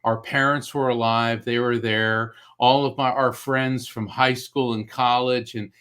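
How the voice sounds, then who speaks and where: A middle-aged man from Florida, a psychic medium, telling a personal story in an interview with animated, acted-out quotes. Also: a little slow, smooth. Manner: animated storyteller, acts out quoted voices with big pitch jumps. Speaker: guest, psychic medium and author. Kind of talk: storytelling in a talk show interview.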